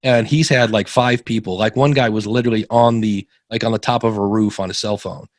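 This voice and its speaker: A middle-aged man with a fairly low voice tells stories in a relaxed interview, jumping way up in pitch whenever he quotes someone. The sound is dry and close, with no room around it. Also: a little fast, dry recording. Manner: animated, acts out quoted voices with big pitch jumps. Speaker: podcaster guest. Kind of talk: casual interview storytelling.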